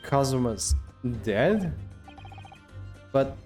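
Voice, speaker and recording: A man reading the lines of a bewildered young male student, halting and confused. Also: medium pitch, sing-song, darkish tone, faint music behind.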